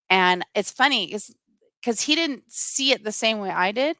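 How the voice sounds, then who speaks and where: A woman's voice: mid-range voice, lively intonation, normal speed, pushed and bright, dry recording. A middle-aged woman hosting a livestream, talking earnestly and with passion to her viewers and reading out their comments. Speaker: livestream host. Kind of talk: live-streamed personal talk to viewers.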